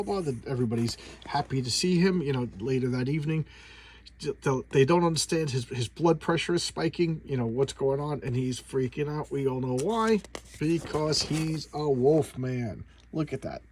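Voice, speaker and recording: A man casually reviewing a comic book, rambling with many halting restarts and fillers, chuckling as he retells scenes. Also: mid-range voice, darkish tone, slight background noise.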